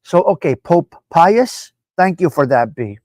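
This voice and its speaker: A man's voice: a little high, animated, unhurried, a little mellow, no echo. A man from New Jersey with a New Jersey accent, hosting a live stream and talking bluntly, repeating himself for emphasis. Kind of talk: casual opinionated live stream talk.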